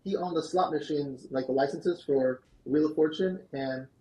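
A man, a guest on a podcast, telling a long story in an animated, fast-moving way. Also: a little high, poor audio. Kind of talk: storytelling interview answer. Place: podcast studio.

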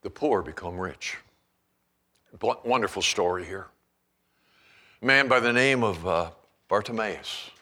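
A man pastor preaching a sermon in an animated storytelling manner, acting out scenes as he goes. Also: lowish voice, a little slow, long pauses.

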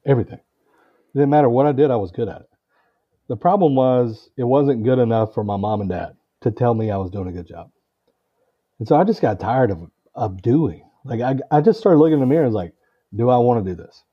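A man's voice: mid-range voice, brisk, husky. Man, podcast guest, storytelling, acts out the voices, swears freely, slightly dull lo-fi sound. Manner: animated, acts out quoted dialogue, swears freely. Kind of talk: casual storytelling.

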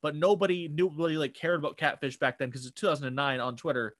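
A man's voice: a little high, steady tone, fast, fairly bright tone, no echo, clean studio sound. A young man co-hosting a podcast, recapping online drama in a casual, rambling way with many fillers and restarts. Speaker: podcast co-host. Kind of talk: casual chat.

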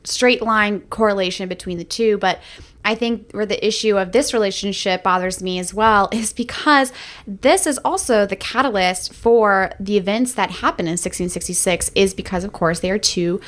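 A woman's voice: mid-range voice, normal speed, fairly bright tone. A woman co-hosting a movie review podcast, talking through the plot in a casual, analytical way. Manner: chatty, analytical, frequent restarts. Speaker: podcast co-host.

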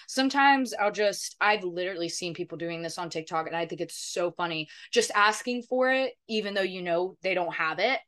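A woman's voice: lowish voice, expressive, normal speed, few pauses, a bit bright. A young woman co-hosting a casual podcast, telling stories animatedly with swearing and playful voice impressions. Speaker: podcast co-host. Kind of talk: casual chat.

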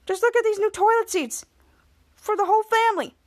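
Woman as male superhero, overbearing, goofy, fussy, parental, high voice. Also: brisk. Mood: bossy, chipper. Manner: bossy, fussy parental lecturing.

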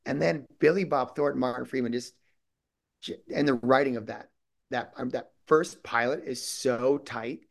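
A man's voice: mid-range voice, moderate pace, gravelly. Man chatting as a guest. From Minnesota. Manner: rambling, many restarts and quoted asides. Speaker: guest actor. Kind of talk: casual interview chat.

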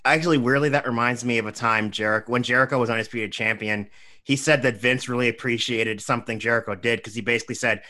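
A man's voice: medium pitch, steady tone, fast, sharp tone. A man co-hosting a podcast, chatting casually with short reactions. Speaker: podcast co-host. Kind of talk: casual chat.

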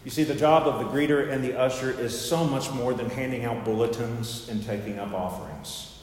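A man's voice: medium pitch, moderate pace, a little hiss or hum. A man preaching a sermon as pastor, in a folksy, joking, conversational manner. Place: church sanctuary. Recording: very echoey hall with long reverb.

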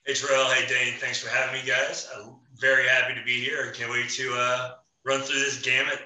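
A man joins a podcast as a guest and talks easily, with plenty of hesitant fillers. His voice is very bright and sharp. He sounds set back from the mic in a roomy space. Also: medium pitch, level tone, brisk, recorded from a distance. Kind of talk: casual podcast chat.

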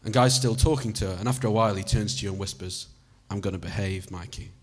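A man with a fairly low, fairly even voice reads a story aloud at a rapid-fire clip, addressing the listener as "you." It's an audiobook reading in a conversational style, with casual swearing.

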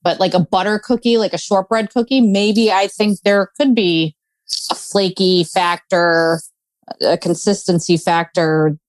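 A woman co-hosting a casual podcast chat over a video call, talking in quick animated bursts. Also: on the low side, no echo. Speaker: podcast co-host.

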